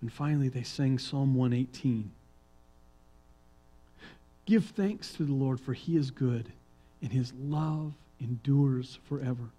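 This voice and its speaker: Reading psalms during a sermon, this male pastor alternates between quiet, hushed passages and loud, emphatic proclaiming. He speaks in a mid-range voice at a slow pace, pausing often, on poor audio.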